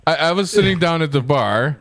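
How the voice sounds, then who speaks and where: A man's voice: on the high side, brisk. A middle-aged man hosting a casual fantasy football call-in show, telling stories with lots of swearing. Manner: profane, animated storyteller. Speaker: fantasy football podcast host. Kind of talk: casual chat.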